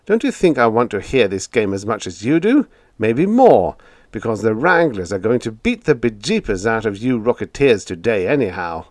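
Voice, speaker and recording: A man's voice: mid-range voice, very animated, a little slow, no echo, voice pushed up. A man playing a flustered, squawking radio operator. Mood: exasperated. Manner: squawking, exasperated.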